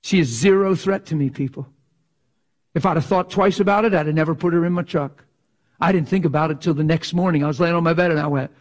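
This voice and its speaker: Impassioned preacher with a higher voice. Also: male voice, steady tone, fast talker. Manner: impassioned, swings from loud to hushed whispers; folksy, drops into slang like "ain't". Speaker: pastor. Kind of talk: sermon.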